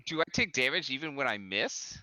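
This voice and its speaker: A man plays a tabletop game, talking hesitantly with lots of ums while he works out his moves. His voice is very bright and smooth. The sound is dry and close. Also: medium pitch, very animated, fairly quick, no echo. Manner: hesitant, many ums and uhs. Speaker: player. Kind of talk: casual tabletop game play.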